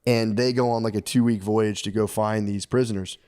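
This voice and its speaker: A man's voice: on the low side, steady tone, brisk, darkish tone. A man co-hosting a comedy podcast, retelling a story in a laid-back, profane, rambling way. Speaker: podcast co-host.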